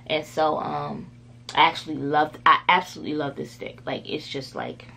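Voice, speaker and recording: A woman's voice: deep voice, fairly even intonation, moderate pace, gravelly, sharp tone. A woman beauty vlogger chatting casually through a makeup tutorial, rambling with lots of filler words.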